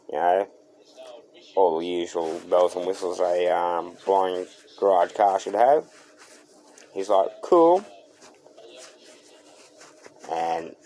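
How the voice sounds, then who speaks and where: A man's voice: deep voice, warm tone, a little hiss or hum. A man with an Australian accent, hosting a car channel and telling a story in laid-back, slangy talk. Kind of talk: storytelling to camera.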